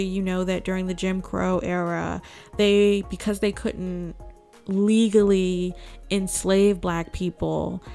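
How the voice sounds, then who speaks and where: A woman hosts a political news commentary in a mid-range voice, with a faint bed of music behind her. She talks sarcastically and keeps firing rhetorical questions at her viewers. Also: medium pitch. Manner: sarcastic, asks rhetorical "guess what" questions. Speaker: host.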